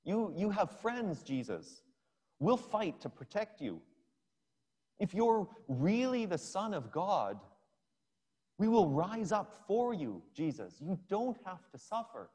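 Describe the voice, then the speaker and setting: A man's voice: big pitch swings, takes it slowly, darkish tone, breathy edge, exaggerated voice. A man voicing an impulsive male disciple who blurts out a plea to fight instead of suffer. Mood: pleading. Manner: blurting, raised pitch, urgent. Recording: long hall reverb.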